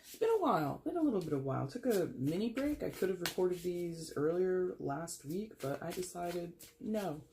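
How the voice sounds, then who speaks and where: A man's voice: high-pitched, animated, normal speed, creaky, hardly any pauses, warm tone, slight background noise. A man hosting a casual tarot reading for his viewers, talking in a chatty, rambling way and correcting himself as he goes. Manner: addresses viewers as guys. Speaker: tarot reader.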